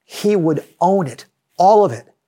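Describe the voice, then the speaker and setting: A man preaching a sermon as a pastor, measured and earnest, reading passages aloud. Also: sits high, animated, mellow.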